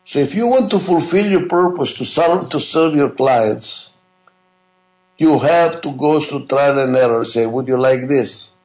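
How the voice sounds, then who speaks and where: A man's voice: fairly high pitch, a little slow, a little mellow, roomy sound, poor audio. A man giving a management lecture, emphatic and repetitive, often asking rhetorical questions. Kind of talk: classroom lecture.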